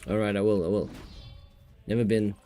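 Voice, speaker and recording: A man with a New Zealand accent chats loosely on a gaming livestream, his voice sitting a little low. He rambles from one thought to the next and keeps things jokey. Faint music plays behind him. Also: steady tone, normal speed, dark tone. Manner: rambling and jokey, often laughing. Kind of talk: casual livestream chat.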